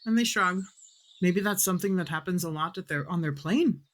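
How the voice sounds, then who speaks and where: A woman's voice: lowish voice, fairly quick. Rambling woman game master. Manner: rambling, filler-heavy narration. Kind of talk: narrating a tabletop game.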